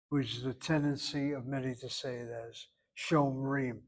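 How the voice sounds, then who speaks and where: A man's voice: mid-range voice, fairly even intonation, a little slow. A man teaching a Hebrew grammar lesson, patiently explaining verb forms and careful pronunciation.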